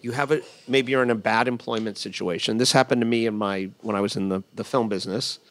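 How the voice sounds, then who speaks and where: A man's voice: fairly low pitch, fast talker, a bit bright, no room sound. Man, middle-aged, interview host, digressive, inquisitive, dry close sound. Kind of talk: casual conversational interview.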